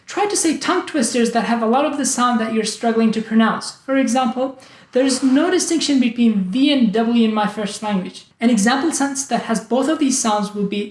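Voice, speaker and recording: A man hosting a language tutorial, speaking in a clear, deliberate way and acting out examples of word stress. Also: very high voice. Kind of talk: scripted tutorial narration. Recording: roomy echo.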